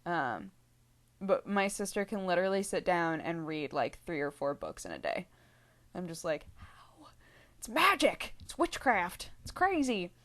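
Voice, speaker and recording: A woman's voice: lowish voice, sing-song, measured pace, a bit bright. A young woman telling a rambling story to her vlog viewers, full of fillers, asides and giggles. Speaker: vlogger.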